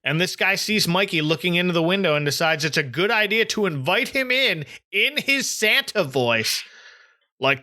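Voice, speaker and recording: Bright, chatty podcast host man. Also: high-pitched, animated, moderate pace. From southern New Jersey, US. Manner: chatty, recaps scenes and acts out quotes. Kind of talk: casual chat recapping a cartoon episode.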